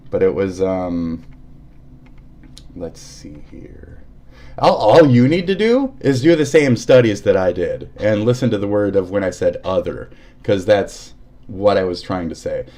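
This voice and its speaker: Profane, animated male streamer ranting. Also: on the low side. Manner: profane, angry ranting with sudden shifts. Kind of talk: casual livestream commentary.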